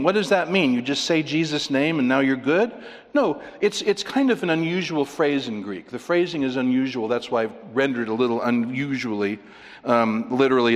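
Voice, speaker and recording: A man's voice: on the high side, expressive, moderate pace. Emphatic male preacher in a reverberant hall. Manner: conversational, emphatic, with rhetorical questions and chuckles. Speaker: pastor. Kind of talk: sermon.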